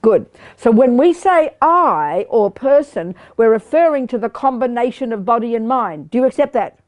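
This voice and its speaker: An older woman giving a lively Buddhist teaching to a live group, quizzing her listeners and talking bluntly and playfully. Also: on the high side, moderate pace. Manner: animated, questioning the audience, blunt and playful. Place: meditation study group hall.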